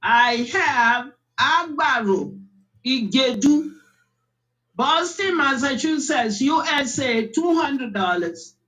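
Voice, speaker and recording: A woman reading out a list of donors, measured and hesitant with fillers. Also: high voice, expressive, fairly bright tone, rough recording. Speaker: donation announcer.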